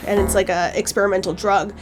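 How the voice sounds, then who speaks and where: A woman co-hosting a casual movie chat, talking quickly and filling her sentences with "like". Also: mid-range voice, little pitch movement, music in the background. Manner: quick, lots of "like" fillers. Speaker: podcast co-host.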